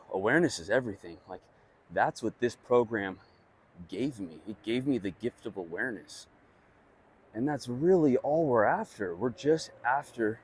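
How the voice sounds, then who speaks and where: Sharing thoughts on personal growth, a young man with a husky, medium-pitched voice speaks to camera. His delivery is conversational and blunt, heavy on profanity and fillers.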